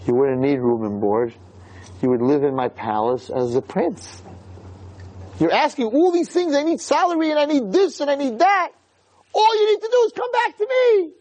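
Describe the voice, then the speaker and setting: A man's voice: mid-range voice, steady tone, normal speed, mellow, no echo, voice pushed down, close to an everyday voice. A man voicing a kind old king who longs for his lost son, speaking in a parable within a sermon. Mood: tender. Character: old kindly king, eager father.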